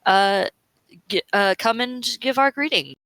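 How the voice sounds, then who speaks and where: A woman's voice: fairly high pitch, a little slow, fairly bright tone, no room sound. A woman voicing a male rogue who poses as a humble lesser person, greeting his hosts politely.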